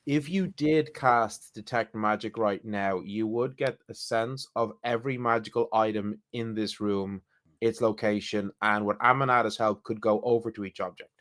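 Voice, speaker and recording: A man working as game master, narrating a tabletop game gently, with hesitant pauses and fillers. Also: fairly low pitch.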